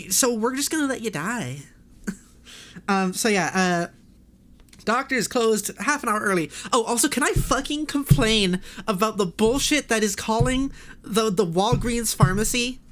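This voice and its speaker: A woman streamer in a casual livestream chat, ranting in an exasperated way, swearing and laughing often. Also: fairly high pitch.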